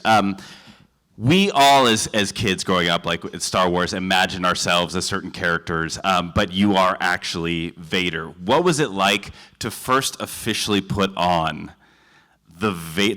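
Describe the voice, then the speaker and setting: A man with a very low but bright, forward voice moderates a convention panel. He introduces guests and poses casual, loosely worded questions in an upbeat way.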